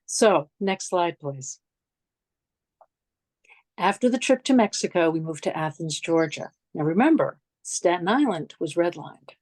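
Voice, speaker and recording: Middle-aged New York woman, presenter, reflective and conversational, lower pitch, dry sound. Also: lively intonation, measured pace, darkish tone, dry recording. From New York City. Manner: conversational, reflective, frequent restarts and asides. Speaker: memorial lecture presenter. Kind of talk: personal storytelling lecture with slides.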